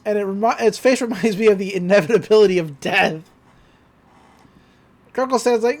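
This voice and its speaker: Animated podcast host recapping an episode. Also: mid-range voice, unhurried, pauses often. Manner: animated, laughs often.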